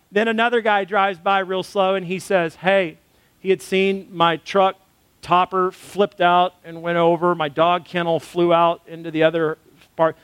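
A man's voice: high voice, smooth, no echo. A man, a pastor, preaching a sermon built around a personal story, earnest and conversational.

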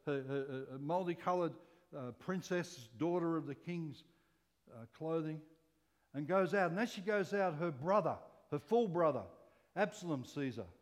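A man preaching a sermon in an animated way, moving between loud exclamations and quiet, soft asides. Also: fairly high pitch. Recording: long hall reverb.

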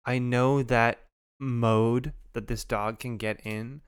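A man's voice: mid-range voice, fairly even intonation, slow pace, smooth. A man co-hosting a podcast in casual chat, reacting with emphatic exclamations and casual swearing. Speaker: podcast co-host.

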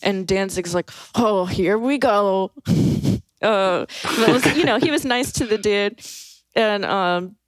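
A woman's voice: medium pitch, slow, dry recording. Dry, close woman telling a story. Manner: laid-back and amused, with lots of fillers and laughs. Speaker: podcast guest telling a story. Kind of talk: casual anecdote storytelling.

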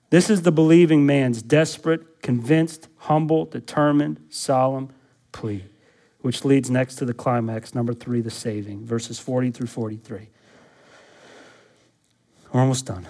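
A man preaches to his congregation, unhurried and pausing often, his voice sitting at a medium pitch. He asks them rhetorical questions and builds toward loud, pressing exhortation in the church.

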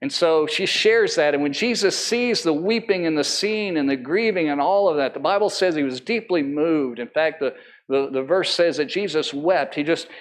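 A man, a pastor, preaching a Sunday sermon to a congregation in an earnest way, slowing right down on key phrases and climbing higher when he presses a point. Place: church service.

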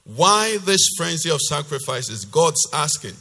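A male pastor preaching a sermon, reading scripture loudly with force and then explaining it in a lower, conversational voice. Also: big pitch swings, measured pace, creaky. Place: church hall. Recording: long reverb of a church hall.

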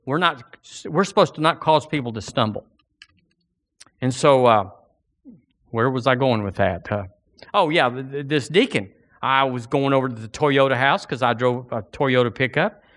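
Folksy preacher man, bright voice. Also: mid-range voice. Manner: folksy, rambling, repeats words. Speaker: pastor. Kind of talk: sermon; fervent prayer.

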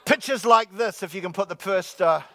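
A man preaching a sermon to his congregation, joking with the crowd and slowly repeating his key lines. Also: sits high, fairly bright tone. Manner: jokey, repeats key lines slowly, calls out "come on, somebody". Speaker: pastor. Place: church sanctuary with congregation.

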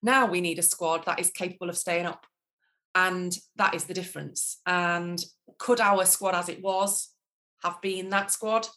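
A woman's voice: on the low side, fairly even intonation, measured pace, bright, forceful tone. A woman, co-hosting a casual football podcast, enthusiastic and a little hesitant. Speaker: podcast co-host. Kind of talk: casual chat.

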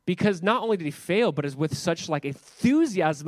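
Conversational male pastor preaching, slightly high voice. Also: lively intonation, normal speed, no echo, clean studio sound. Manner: conversational, repeats words, many filler 'like's. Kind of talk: sermon.

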